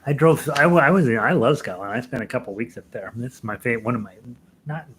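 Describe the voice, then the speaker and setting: American man, casual live-stream chat, chuckling, rambling, faint low rumble behind. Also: lively intonation, quick pace, fairly bright tone, rough recording. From United States. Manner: rambling, chuckles often, many fillers and restarts. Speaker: host of a live daily ukulele lesson stream.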